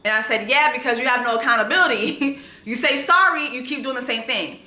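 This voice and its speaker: A woman's voice: on the high side, a little fast, sharp tone, reverberant. A woman, telling a dating story in a vlog in a blunt, sassy way and reading texts aloud.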